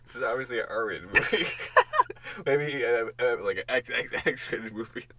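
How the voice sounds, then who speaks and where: A man's voice: mid-range voice, normal speed, sharp tone, dry recording. A man riffing on a friend's improvised story in casual banter, laughing a lot and rambling with fillers. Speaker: podcast co-host.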